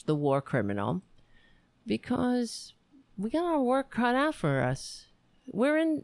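A woman hosts her own streamed talk show in a loose, digressive monologue. She swears freely and pokes fun at herself, with a slightly low voice that swoops up and down a great deal. The sound is close and dry. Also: dry recording. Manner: animated, digressive, swears freely, self-mocking. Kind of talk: rambling casual monologue.

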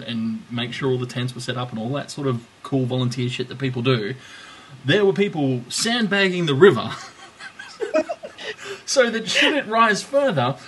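A man's voice: on the high side, a bit bright, slight background noise, rough recording. A man co-hosting a casual podcast, rambling and joking with plenty of swearing. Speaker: podcast co-host. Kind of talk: casual chat.

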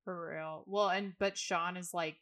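A woman co-hosting a podcast, chatting through a TV episode recap and quoting the characters in high, excited voices. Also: a little slow. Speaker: podcast co-host.

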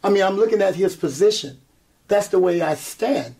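Man, gravelly voice, fairly high pitch, animated storyteller, interview guest. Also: moderate pace. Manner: animated storyteller, acts out quotes, laughs often. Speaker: guest singer and performer.

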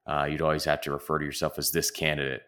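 A man's voice: rumbling low, completely flat delivery, fast talker, sharp tone. A man co-hosting a casual podcast, talking in a rambling way with lots of restarts. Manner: rambling, self-interrupting. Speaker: podcast co-host. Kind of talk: casual chat about soccer.

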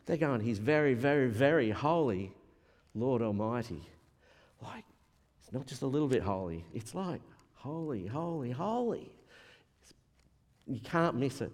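Man, pastor, sermon, animated, long hall reverb. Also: mid-range voice. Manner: animated preaching, acts out quoted voices.

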